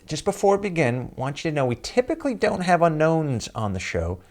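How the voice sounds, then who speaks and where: A man's voice: on the high side, big pitch swings, fairly quick, pitched above the performer's own voice. A man voicing a curt, unimpressed female radio producer who brushes things off in clipped phrases. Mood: dismissive. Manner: clipped and dismissive.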